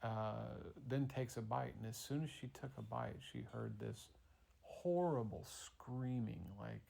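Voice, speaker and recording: Gravelly dad improvising a story. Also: male voice, mid-range voice, measured pace. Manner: relaxed, rambling, playful with fillers. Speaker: father telling a bedtime story.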